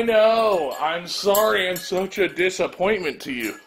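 A man's voice: high voice, animated, measured pace, few pauses, noisy background. A young man chatting casually to the camera as a vlogger, loose and talkative. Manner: loose and chatty, with frequent "uh" fillers. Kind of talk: casual vlog chat. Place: home and car.

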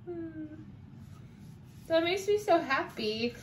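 A woman's voice: very high-pitched, animated, slow pace, slight background noise. A young woman co-hosting a casual podcast chat, gushing and emotional as she talks. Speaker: podcast co-host. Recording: echoey room with faint ambience.

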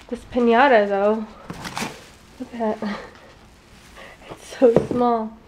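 Give me a young woman chatting casually at home, with a slightly high voice. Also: steady tone, slow, pauses often, lo-fi sound, slight background noise. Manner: chatty, easygoing, talks to her babies in between. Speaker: mother vlogger. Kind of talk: casual home vlog chat.

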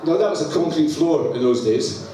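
A Scottish man preaches in a church, laughing through a funny personal story and acting out the sounds in it. His voice sits a little high. He sounds far from the mic in a very echoey hall, with clear noise behind him. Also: animated, moderate pace, dark tone. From Scotland. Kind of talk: humorous sermon storytelling.

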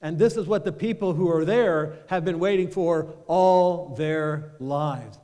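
A man preaching a sermon as pastor, animated and drawing the congregation into call-and-response. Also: a little high, unhurried, hardly any pauses, big-room sound. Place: church sanctuary.

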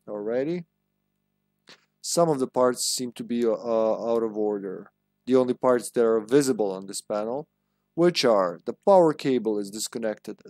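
A man's voice: medium pitch, a little mellow, dry recording. Jokey, sarcastic male streamer. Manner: jokey, sarcastic, laughs often. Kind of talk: casual gameplay commentary.

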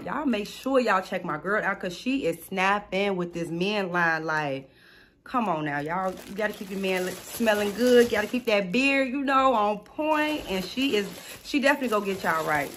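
Excited woman, gushing unboxing chat, faint background noise. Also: mid-range voice. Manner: excited, gushing, addresses viewers as y'all. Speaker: small business unboxing vlogger.

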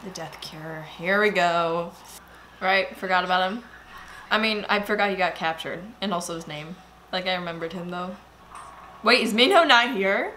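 A woman giving casual movie reaction commentary, excitable and swearing as she talks back to the screen. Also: fairly low pitch, moderate pace, slight background noise.

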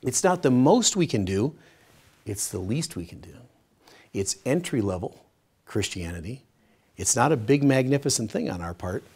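Speaking at normal speed in a medium-pitched, slightly rough voice, a middle-aged man teaches Bible study. His storytelling is lively and moves between loud, emphatic moments and hushed ones.

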